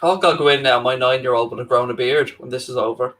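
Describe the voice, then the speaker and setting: A man's voice: medium pitch, steady tone, fast, fairly bright tone, rough recording. A man co-hosting a live football watchalong, teasing and swearing in dry banter. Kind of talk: casual chat over a live match.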